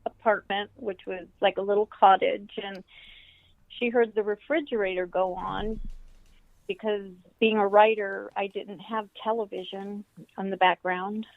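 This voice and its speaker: A woman's voice: mid-range voice, flat delivery, a little slow, no echo. An older woman, an author and professor, telling a story as an interview guest and acting out the quoted voices. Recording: tinny phone-like line.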